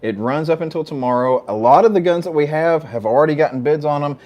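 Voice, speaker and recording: A man's voice: on the high side, quick pace, a little mellow, muffled recording. A man, co-hosting a casual livestream and trading teasing jokes. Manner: joking, teasing banter. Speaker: co-host of a gun shop livestream.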